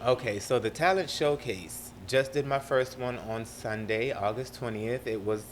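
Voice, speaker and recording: A young man with a South Carolina accent, a producer talking as an interview guest in a lively, laughing way. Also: mid-range voice, normal speed, slight background noise. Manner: animated, laughing storyteller. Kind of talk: casual interview talk.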